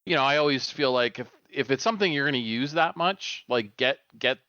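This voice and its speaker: A man's voice: medium pitch, lively intonation, fairly quick, pushed and bright, clean tone, no room sound. A middle-aged man co-hosting a podcast, chatting casually and rambling with lots of fillers and restarts. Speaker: podcast co-host. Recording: dull lo-fi dry sound.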